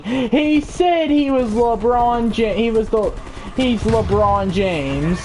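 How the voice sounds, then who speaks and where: Casual storytime narrator, slow and rambling, lots of fillers and swearing, faint ambience behind. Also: mid-range voice, noisy background.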